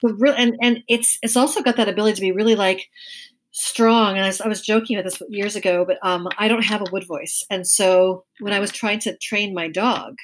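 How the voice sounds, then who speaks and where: A middle-aged woman with a soft, gentle voice, a guest chatting casually in an interview and telling stories with frequent laughs. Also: mid-range voice, fairly even intonation, fairly quick. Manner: chatty storyteller, laughs often. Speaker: guest, Chinese medicine practitioner.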